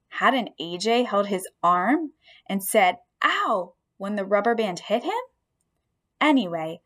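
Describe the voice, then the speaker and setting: A woman narrating a children's story aloud in the first person, with expressive storytelling. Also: mid-range voice. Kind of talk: audiobook storytelling.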